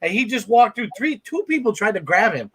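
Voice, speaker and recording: A man hosting a livestream chat, telling animated stories and laughing often. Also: high-pitched, a little fast, husky. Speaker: host. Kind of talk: casual chat.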